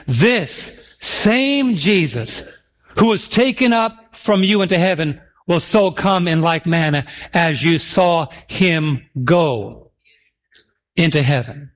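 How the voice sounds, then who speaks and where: A middle-aged man delivers a sermon in a notably high voice. He slows right down to draw out scripture verses with emphasis and prompts his listeners to respond. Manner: emphatic, drawn-out scripture reading; calls for audience responses. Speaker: preacher.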